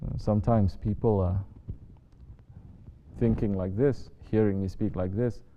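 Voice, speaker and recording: A sheikh giving a sermon, mostly soft-spoken and rising to sharp emphasis when he scolds. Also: lowish voice, fairly even intonation, measured pace. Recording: dull lo-fi recording with faint noise.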